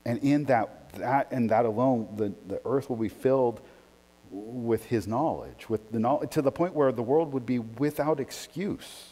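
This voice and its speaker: A man preaching a sermon as pastor, shifting from quiet reflection to animated, emphatic delivery. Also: mid-range voice, measured pace, long reverb tail.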